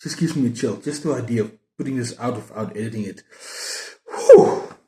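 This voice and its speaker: A man's voice: medium pitch, fast, dark tone. A man in his thirties chatting casually about books in a rambling, self-mocking way, full of restarts. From South Africa. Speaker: book vlogger. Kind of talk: casual book-haul chat. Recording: roomy echo.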